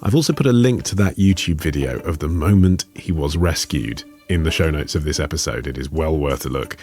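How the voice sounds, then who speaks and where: A man's voice: very deep voice, lively intonation, fairly quick, a little mellow, soft background music. A British man hosting a podcast, asking short questions and reading the outro. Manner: brief, reactive questions. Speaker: podcast host. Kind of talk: interview and show outro.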